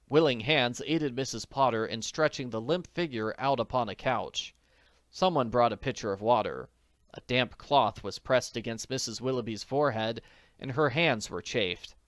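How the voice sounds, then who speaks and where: A man reading a classic mystery novel aloud as an audiobook narrator, expressive and animated. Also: medium pitch, normal speed, no room sound.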